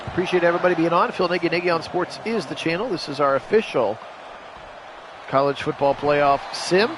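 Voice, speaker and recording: A man does excited solo play-by-play for simulated video games, his slightly high voice brisk, rising sharply and loud for big plays, with chatty asides to the live chat. There's background noise.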